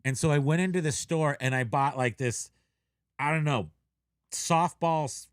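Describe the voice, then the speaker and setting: A man's voice: fairly high pitch, normal speed, dry recording, clean studio sound. A middle-aged man from California chatting casually on a live show, telling rambling, self-mocking stories. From Menlo Park, California. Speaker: co-host of a reselling live show. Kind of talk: casual live-stream chat.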